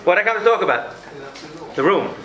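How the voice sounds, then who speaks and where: A man's voice: high voice, very animated, fast, fairly bright tone, reverberant, poor audio. A man giving a lecture on parenting to an audience, acting out scenes with his children and taking questions. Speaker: educator giving a parenting talk.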